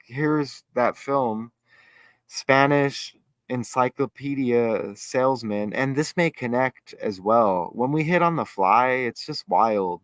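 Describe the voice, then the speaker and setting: A man hosting a casual livestream chat, excitable and rambling, thinking aloud as he reads. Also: medium pitch, no room sound. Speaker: host.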